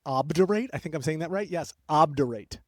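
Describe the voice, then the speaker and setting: A young man co-hosting a podcast, telling a history story in an excitable, rambling way that keeps breaking off and jumping between tangents. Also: fairly high pitch, fairly quick, no room sound, studio quality. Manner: excitable, rambling, self-interrupting. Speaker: podcast co-host. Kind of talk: casual storytelling chat.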